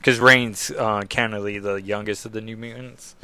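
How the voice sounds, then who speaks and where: A man's voice: lowish voice, steady tone, fairly quick, bright, forceful tone, smooth. A man hosting a podcast, recapping a comic book casually with lots of fillers. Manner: rambling, many fillers like 'like' and 'um'. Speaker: podcast host.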